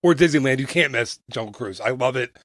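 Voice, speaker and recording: A man's voice: medium pitch, expressive, brisk, a bit bright, dry recording. A man co-hosting a podcast, chatting casually in a playful, teasing way, coughing now and then. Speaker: podcast co-host. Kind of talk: casual chat.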